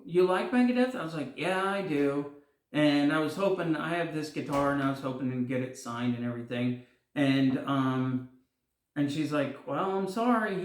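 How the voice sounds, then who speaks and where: A middle-aged man telling a rambling personal story on his guitar vlog, with many fillers, acting out the voices of the people he quotes. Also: a little high. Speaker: guitar vlogger. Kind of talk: casual storytelling. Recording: echoey room.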